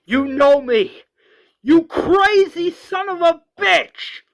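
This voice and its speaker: A man voicing a desperate male sheriff who pleads with an old friend, yelling in strained bursts. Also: mid-range voice, a little slow, close to an everyday voice. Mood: desperate shouting.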